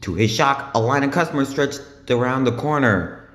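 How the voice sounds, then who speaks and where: A man's voice: medium pitch, a bit bright. Man reading a children's storybook aloud. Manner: plain, measured read-aloud with small slips.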